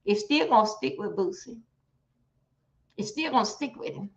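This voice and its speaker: A woman's voice: on the high side, animated, moderate pace, creaky. A woman hosting a livestream, giving blunt, profane commentary straight to her viewers. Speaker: livestream host. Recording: dull lo-fi stream audio.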